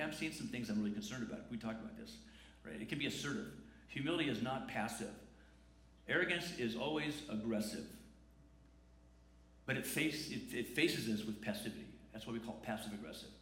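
A man's voice: medium pitch, a bit bright. A man preaching a sermon in a conversational way, asking rhetorical questions. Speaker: pastor. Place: church sanctuary. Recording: echoey church room.

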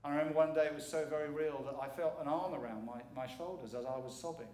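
A man's voice: a little high, fairly even intonation, fast talker, darkish tone. A middle-aged man preaching as a guest speaker, earnest and emphatic, repeating words for weight. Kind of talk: sermon. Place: church sanctuary. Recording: echoey church hall.

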